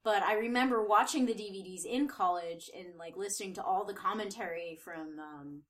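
A woman in her thirties co-hosts a relaxed podcast chat at a middling pitch, with a bright, forward tone. She laughs a lot and swears casually in an easygoing way. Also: moderate pace. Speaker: podcast co-host.

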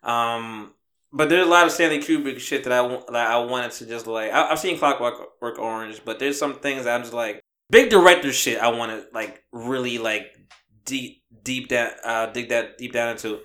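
Dude with a bright, tense voice joking around on a podcast, lots of restarts. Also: male voice, mid-range voice, reverberant. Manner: joking, halting, many restarts. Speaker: podcast co-host. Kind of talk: casual chat.

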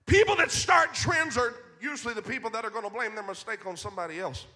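Man preacher, very high voice, bright and tense, fiery youth sermon, shouts then drops to a hush. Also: fast talker, soft background music. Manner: swings from loud to hushed.

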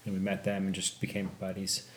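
A man's voice: sits low, completely flat delivery, fairly quick. A man tells a story from his own life in a loose, rambling way, swearing freely and bursting out when things get tense. He is recorded in an echoey room, with a faint hiss of noise behind him. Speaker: podcast host telling a story. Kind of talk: casual storytelling.

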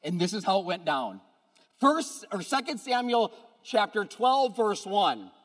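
A man with a high voice preaches a sermon as a pastor. He tells the story as if chatting with his audience, but swings from quiet asides to loud, emphatic points. The sound rings with the long reverb of a large hall. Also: big pitch swings, a little slow.

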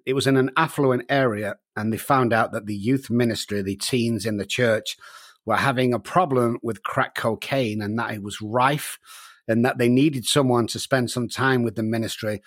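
A middle-aged man from Manchester with a Manchester accent, an addiction doctor answering interview questions in a brisk, earnest, frank way. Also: mid-range voice, fairly even intonation. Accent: Manchester English. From Manchester, England.

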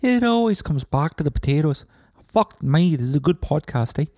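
A man putting on the voice of an excited male podcast fan who gushes and exclaims about the show. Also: on the high side, normal speed, dry recording, studio quality, pitched above the performer's own voice. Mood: gushing. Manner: gushing, exclaiming.

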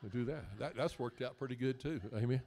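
A man's voice: medium pitch, fairly quick, a little mellow, a little hiss or hum. A male guest preacher, delivering a folksy, joking sermon that builds into emphatic questions.

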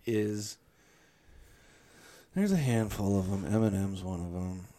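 A young man chatting with a friend in a somewhat low voice. He tells stories in a dry, profane manner and drifts into offhand asides. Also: unhurried, dark tone. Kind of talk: casual chat.

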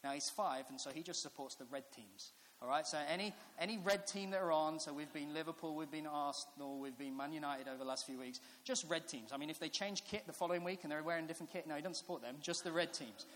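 A man's voice: fairly high pitch, fast talker, hardly any pauses, fairly bright tone. A man, preaching a sermon in a chatty storytelling way that builds to earnest reflection. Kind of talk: sermon with personal stories. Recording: echoey hall with faint hiss.

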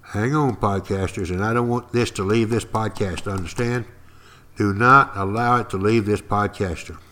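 A man's voice: lowish voice, steady tone, moderate pace, bright, forceful tone. A man giving a podcast history lecture as a folksy, dramatic storyteller who keeps turning to speak directly to his listeners.

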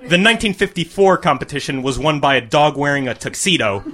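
A man reads a crude comic short story aloud to a live audience. His voice is bright and a little high, and he delivers absurd lines with a straight face. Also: lively intonation, fairly quick.

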